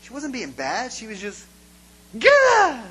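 A man's voice: high-pitched, moderate pace, slightly rough, rough recording. A man giving an informal sermon as a pastor, telling stories and acting out scenes for his congregation. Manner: animated storytelling, acts out scenes.

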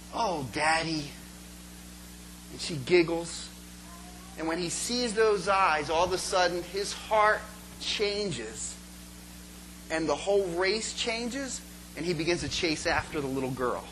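A pastor preaching a passionate sermon to his church, moving between quiet, chatty asides and loud, pleading calls. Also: high-pitched, a little hiss or hum, low-quality recording.

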